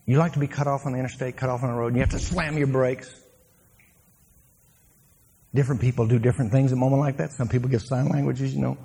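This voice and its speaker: A man, a former pro football player, telling stories from his playing days as a sermon to a congregation, laughing and shouting his punchlines. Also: mid-range voice, steady tone, fast, creaky, long pauses, slight background noise.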